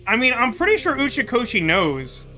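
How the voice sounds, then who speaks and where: Guy streaming a game, high bright voice, rambles a lot, faint music behind. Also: huge pitch swings, moderate pace. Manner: wry, rambling, with many "like"s. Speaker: gaming streamer. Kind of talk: casual game commentary.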